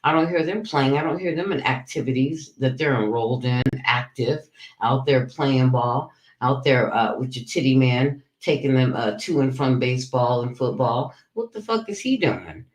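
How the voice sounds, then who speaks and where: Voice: mid-range voice, steady tone, normal speed. A livestream host ranting with lots of profanity, calling out rivals and talking to the chat. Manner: profane, heated, talks to chat. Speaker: livestream commentator. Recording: roomy echo.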